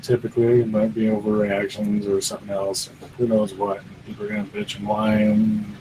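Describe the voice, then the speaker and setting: A man's voice: fairly low pitch, level tone, normal speed, background noise. A man co-hosting a casual gaming podcast, talking bluntly and steadily as he reasons things out. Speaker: podcast co-host. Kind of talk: casual chat.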